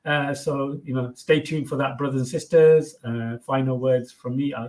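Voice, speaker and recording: A man's voice: mid-range voice, steady tone, normal speed, few pauses, darkish tone. A man hosting a live stream, thanking guests in a friendly, hesitant way with many fillers. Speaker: host. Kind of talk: casual stream sign-off.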